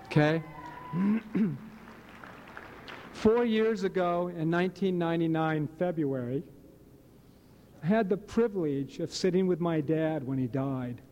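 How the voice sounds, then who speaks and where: Sharing his story at a recovery meeting, a late-fifties Hawaiian man talks in an earnest, rambling way to a live audience. His voice is on the high side and warm, slow with frequent pauses, and the recording is muffled with a little hiss or hum.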